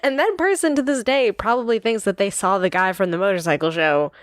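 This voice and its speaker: A woman with a mid-range voice co-hosts a podcast, talking a little fast in a casual chat. She rambles and uses lots of fillers, on a dry, studio-quality recording.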